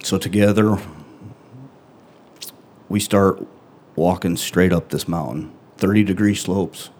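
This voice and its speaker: A middle-aged man telling a true first-person story on stage, earnest and halting, with long pauses between phrases. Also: sits low, darkish tone.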